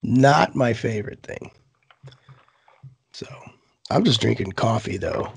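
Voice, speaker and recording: Male co-host, hoarse from a cold, husky and gravelly, blunt and casual. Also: mid-range voice, animated, slow pace. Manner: swears a lot, loose and blunt. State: sick, hoarse. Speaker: podcast co-host. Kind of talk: casual chat.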